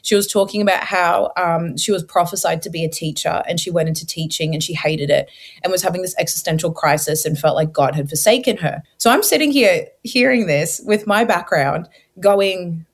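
A woman's voice: lowish voice, normal speed, husky. A young woman from Australia tells her personal story as an interview guest. She talks earnestly and vividly, slipping into her own past thoughts as she goes.

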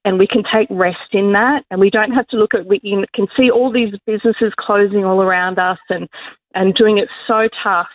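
Woman, warm testimony and prayer, lively self-quotes, tinny phone line. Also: mid-range voice, no echo. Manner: emotional, quick to laugh, lively quoting of herself. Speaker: guest on Christian radio. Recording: dry phone-line sound.

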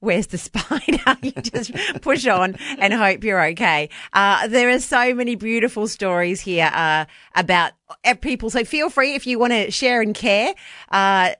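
A woman's voice: mid-range voice, a little slow, fairly bright tone, no room sound. A woman, hosting breakfast radio in a chatty, laughing way from a studio microphone. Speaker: radio host.

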